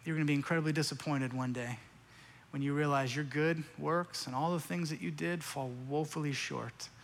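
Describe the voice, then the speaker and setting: A man's voice: fairly high pitch, fairly even intonation, normal speed, vocal fry, long reverb tail. A man preaching a sermon as pastor, earnest and pleading, often repeating phrases.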